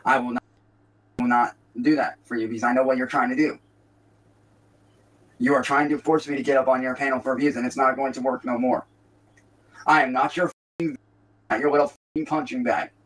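A man in a played clip, speaking in slow, stiff, deliberate declarations. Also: mid-range voice, fairly even intonation, distant mic, low-quality recording.

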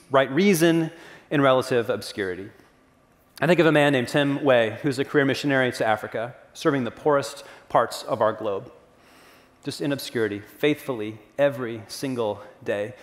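A male pastor delivers a sermon in an earnest, conversational way, with casual asides to the congregation. His voice sits at a mid pitch. A long reverb from the church hall trails behind each phrase. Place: church sanctuary.

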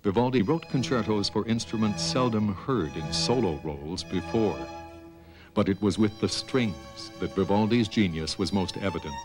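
Male documentary narrator, very low voice, steady and measured, music underneath. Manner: calm, measured storytelling. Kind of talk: scripted narration.

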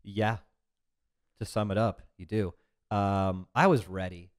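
Smooth-voiced man telling his story earnestly. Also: on the low side, fairly even intonation, slow. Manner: earnest, confessional, reflective. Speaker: podcast guest, business owner. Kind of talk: casual interview talk.

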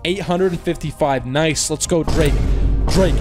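A man's voice: sits high, normal speed, music in the background. A young man giving casual commentary on opening online cases, groaning at losses and cheering at wins, talking in slang to his viewers. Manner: swings between groaning frustration and loud cheering. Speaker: case-opening video host. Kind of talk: excited gaming commentary.

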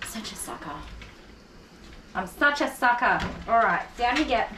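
A woman dog groomer, talking softly and chattily to a dog as she works, with asides to viewers. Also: fairly high pitch, lively intonation, unhurried, background noise. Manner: soothing, repetitive praise, chatty. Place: grooming salon. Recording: echoey room. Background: electric clippers buzzing.

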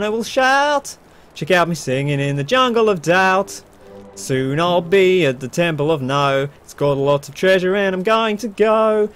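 A man's voice: sits high, fairly bright tone. A man doing a jaunty mock-Australian adventurer. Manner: sing-song, jaunty. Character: cheery male jungle adventurer singing.

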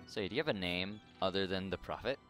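A man's voice: sits low, fast talker, over music. A young man casually commenting on a video game, wryly joking and talking back to its characters. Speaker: let's play host.

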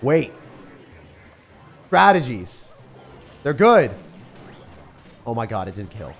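A young man giving live commentary on his game as a streamer, swinging between loud outbursts and low muttering. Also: sing-song, takes it slowly, creaky. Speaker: gaming streamer. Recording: faint music behind voice.

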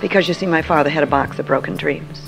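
A woman's voice: low voice, fast, creaky, music in the background, low-quality recording. An older woman, a Christian speaker, telling a personal story to an audience in an earnest, emphatic way.

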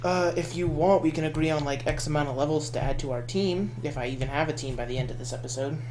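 A man's voice: a little high, fast, crowd noise. A man chatting casually while playing a video game, complaining and trading competitive banter. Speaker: gaming streamer.

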